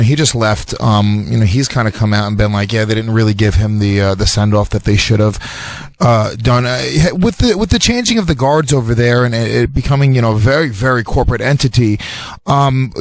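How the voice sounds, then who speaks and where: A man's voice: mid-range voice, dry recording. A male co-host asking questions in a loose, casual way with plenty of filler words. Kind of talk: radio interview.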